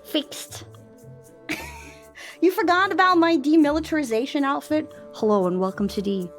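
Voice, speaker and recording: Soft background music accompanies a woman streamer chatting casually at normal speed through a boom mic. She teases playfully, laughs often, and bursts into sing-song and shouty squeals.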